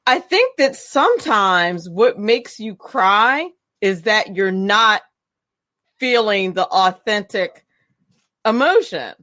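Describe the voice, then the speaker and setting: Lively, chatty woman radio host. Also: medium pitch, takes it slowly, no echo. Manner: chatty and giggly, with stammered restarts. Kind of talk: casual interview chat.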